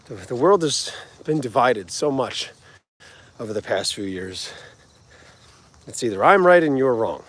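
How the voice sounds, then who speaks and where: A man's voice: mid-range voice, lively intonation, unhurried, long pauses, fairly bright tone. A man with a New Jersey accent, hosting a live motivational talk in a rambling, earnest, conversational way. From New Jersey, United States. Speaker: music channel host.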